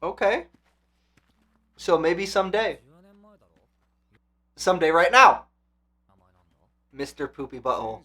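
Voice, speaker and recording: A man hosting an anime reaction channel, talking casually and excitedly, swearing and swinging between hyped shouts and quiet reflection. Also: a little high, takes it slowly, pauses often.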